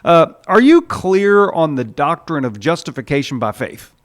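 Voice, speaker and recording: A man voicing a puzzled, insistent male angel at heaven's gate, questioning loudly in a raised, higher voice. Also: big pitch swings, moderate pace. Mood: incredulous. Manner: loud, incredulous questioning.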